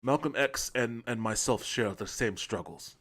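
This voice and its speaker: A man's voice: mid-range voice, normal speed, fairly bright tone, natural voice. A man mockingly impersonating a self-satisfied male tech billionaire. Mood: smug.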